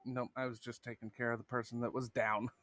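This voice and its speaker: A man playing the party healer in a tabletop game, apologetic and quick to laugh. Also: medium pitch, level tone, fairly bright tone. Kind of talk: casual game table chat.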